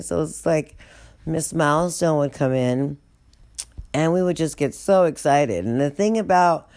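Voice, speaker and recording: Low-voiced woman telling a raunchy story. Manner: animated, profane, laughs often. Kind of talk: casual storytelling vlog.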